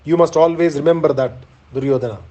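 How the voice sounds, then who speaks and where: A man reading aloud as a proud, doomed male warrior, bitter and resigned, in a measured, solemn way. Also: on the high side, dark tone, dull audio, natural voice. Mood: solemn resolve.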